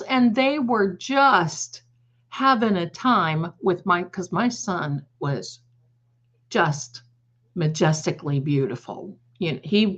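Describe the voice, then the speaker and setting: Chatty older woman telling stories, lo-fi. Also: mid-range voice. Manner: chatty, digressive, laughs at her own stories. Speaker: tarot reader hosting a livestream. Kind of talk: casual storytelling to a live audience. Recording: slightly dull lo-fi sound.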